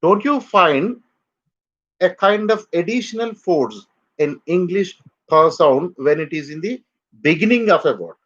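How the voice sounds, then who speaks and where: Guy teaching pronunciation on a live stream, slow and bouncy, kinda muffled lo-fi sound. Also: high-pitched, expressive, a bit bright. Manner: slow, drilling words for students to repeat. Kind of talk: live online pronunciation lesson.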